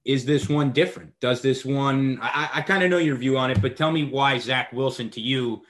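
A man's voice: mid-range voice, normal speed. Young man co-hosting a sports podcast. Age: young adult. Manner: relaxed, conversational with fillers. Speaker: podcast co-host. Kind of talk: casual sports podcast chat.

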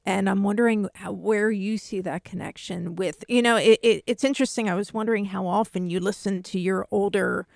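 A woman's voice: medium pitch, a little fast, vocal fry, few pauses, no room sound, clean studio sound. A woman hosting a radio interview session, chatty and thinking aloud as she frames her questions. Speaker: radio host.

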